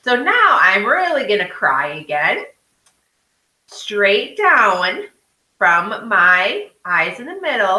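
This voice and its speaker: A woman's voice: mid-range voice, very animated, slow, sharp tone, roomy sound, rough recording. A woman art teacher guiding children through a drawing step by step, often checking in with "okay?".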